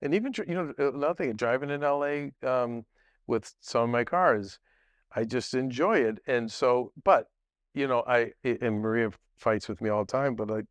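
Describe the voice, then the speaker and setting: A man's voice: mid-range voice, normal speed, no room sound. A middle-aged man who is a guest on a podcast, telling long stories in a rambling way with many restarts and asides. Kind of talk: casual storytelling.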